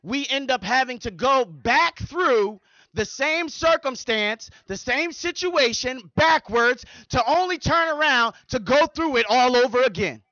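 A male pastor preaching in a high, bright voice that rises as he builds repeated phrases. The sound is dry and close, a little dull in the highs. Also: animated, unhurried, no room sound. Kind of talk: sermon.

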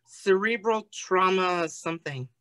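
A woman's voice: fairly low pitch, unhurried, fairly bright tone, poor audio. A woman co-hosting a podcast, bantering bluntly and jokingly in casual chat. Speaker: podcast co-host.

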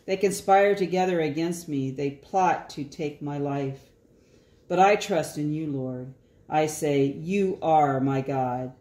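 A woman reading psalms aloud in an earnest, deliberate way. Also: low voice, warm tone. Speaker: scripture reader. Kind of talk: slow prayerful reading of psalms. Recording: echoey room.

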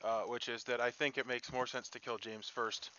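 A man's voice: mid-range voice, level tone, normal speed, pushed and bright. A man playing a social deduction game, blunt and dismissive in casual discussion. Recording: dull lo-fi mic.

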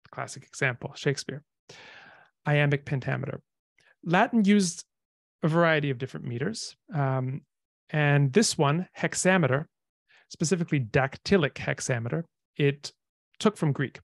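Male lecturer, easygoing explainer, slight fry, dry close mic. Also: a little high, normal speed, long pauses, dry recording. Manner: relaxed and explanatory, with frequent ums. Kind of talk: informal lecture.

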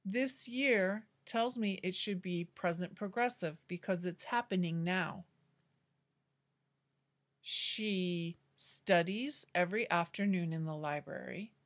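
A woman teaching an English grammar lesson, explaining slowly and clearly in a patient way. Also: medium pitch.

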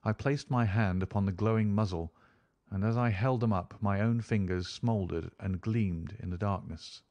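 Low-voiced male audiobook narrator. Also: normal speed, darkish tone, dull audio. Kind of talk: scripted narration.

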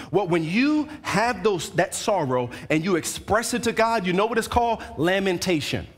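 A man preaching a sermon to his congregation, his fairly high voice leaping around in lively swings. He slips into quick put-on voices of grumbling churchgoers as he goes. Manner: animated preaching, acts out quoted voices of churchgoers. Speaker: pastor. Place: church sanctuary.

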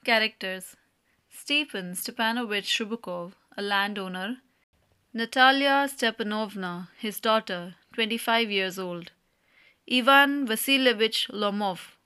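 A woman narrating a school play as an audiobook, with a clear, measured reading. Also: mid-range voice, bright, forceful tone.

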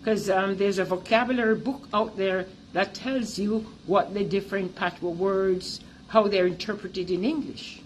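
A woman's voice: medium pitch, steady tone, moderate pace, few pauses, a little hiss or hum. A middle-aged woman with a Jamaican accent, an earnest and emphatic teacher and artist giving a presentation about her artwork.

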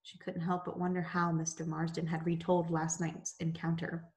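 A woman's voice: fairly low pitch, completely flat delivery, moderate pace, a little mellow. Woman teacher reading a novel aloud.

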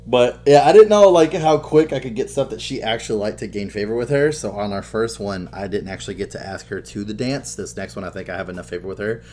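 A man co-hosting a podcast, telling game stories in casual chat with heavy swearing and loud acted-out quotes. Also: fairly low pitch, fast talker, few pauses, slight background noise. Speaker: podcast co-host.

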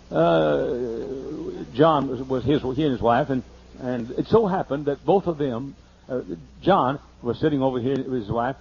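A man pastor telling a humorous, folksy story during a sermon, slowing down to list items one by one. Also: mid-range voice, gravelly, a little hiss or hum. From United States. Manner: folksy and humorous, lists things slowly. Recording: muffled older sermon tape.

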